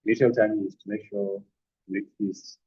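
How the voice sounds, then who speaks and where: A man's voice: fairly low pitch, little pitch movement, a little fast, husky. Man giving short physio commands. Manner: short commands mixed with explanations. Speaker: physiotherapy instructor. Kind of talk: hands-on demonstration with verbal cues. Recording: dull, lo-fi sound.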